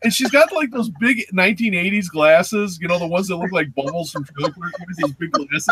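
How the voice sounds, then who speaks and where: Male host in his forties, casual storyteller who acts out voices and sounds; bright, forceful tone. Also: high voice, fairly quick, a little hiss or hum. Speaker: show host. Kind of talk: casual chat.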